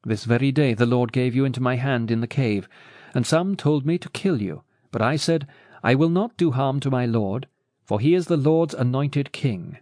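A man's voice: mid-range voice, normal speed, darkish tone, no echo, clean studio sound, close to an everyday voice. A man voicing an earnest young future king in a Bible storybook, solemn and pleading.

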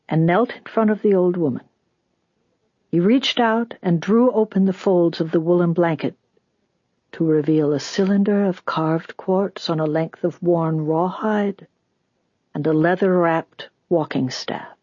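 An audiobook narrator reading a story in an even, deliberate way. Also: mid-range voice, husky, no echo, dull audio.

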